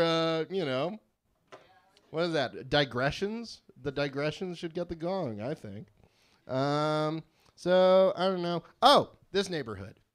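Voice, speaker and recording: Young man from California, live stand-up, higher-pitched, dry deadpan delivery with rambling asides. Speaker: stand-up comedian. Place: small live venue with audience.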